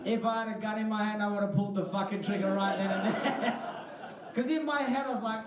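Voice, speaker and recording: A young Australian man doing a stand-up set, telling lively stories, swearing freely and acting out the voices of others. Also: sits high, unhurried, long pauses, noisy background. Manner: lively storytelling, swears a lot, acts out voices. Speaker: stand-up comedian. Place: comedy club stage. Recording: echoey room, distant mic.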